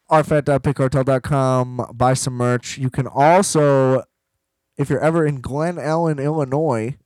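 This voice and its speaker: A man hosting a podcast in casual chat, rambling and animated, swearing freely. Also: medium pitch, clean tone, no echo, rough recording. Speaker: podcast host.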